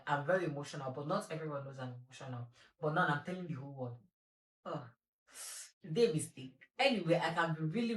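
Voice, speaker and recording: A young woman hosting a solo podcast, talking candidly and animatedly about herself with self-mocking humor. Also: low-pitched. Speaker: podcast host. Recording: roomy echo.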